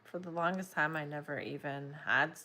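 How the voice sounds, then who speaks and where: Woman streamer, lower voice, rambling and drowsy, casual crafting chat. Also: steady tone, moderate pace, bright, forceful tone. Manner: chatty, rambling, apologetic. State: yawning, sleepy. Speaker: crochet livestream host. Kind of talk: casual livestream chat while crocheting.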